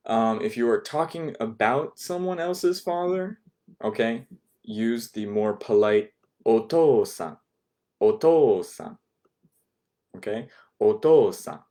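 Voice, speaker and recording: A man's voice: on the low side, a little mellow. A man teaching an online Japanese class, patiently repeating words and checking in with "okay?" after each point.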